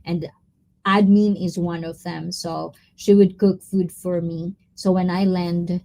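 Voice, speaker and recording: A woman from the Philippines, chatting casually on a live stream, greeting viewers by name and easily getting excited and giggly. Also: on the low side, takes it slowly, a little hiss or hum. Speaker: livestreamer reading chat.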